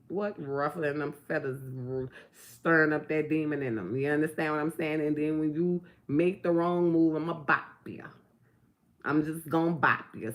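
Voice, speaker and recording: Gravelly blunt middle-aged woman. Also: mid-range voice. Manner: preachy, blunt and profane, full of rhetorical questions. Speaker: vlogger. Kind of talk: casual talk to camera.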